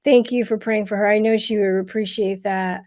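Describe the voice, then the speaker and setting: A woman hosting a casual livestream, talking to viewers with many pauses, fillers and restarts, and growing emotional at times. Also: mid-range voice, steady tone, a little mellow. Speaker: livestream host.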